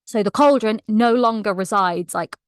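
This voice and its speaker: A woman's voice: medium pitch, normal speed, dry recording. A young woman animatedly recapping a fantasy novel, laughing often and saying "like" a lot. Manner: animated, laughing, heavy use of "like". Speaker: book vlogger. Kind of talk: casual book recap.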